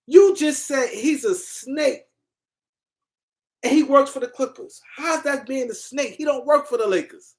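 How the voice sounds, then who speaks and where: A woman's voice: high-pitched, expressive, a little slow. A woman hosting a live-stream sports show, ranting in a heated, argumentative way and repeating her points. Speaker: sports commentary host.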